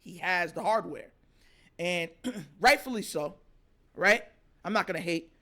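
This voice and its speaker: A man hosting a sports talk show, giving animated casual reaction commentary and laughing often. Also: sits high, measured pace. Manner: animated, excitable, laughs often, mimics players.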